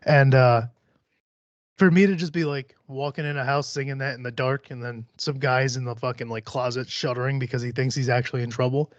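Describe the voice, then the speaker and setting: A man's voice: mid-range voice, steady tone, a little fast, no echo, dull audio. A man hosting a podcast in casual chat, rambling and swearing freely, laughing often. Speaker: podcast host.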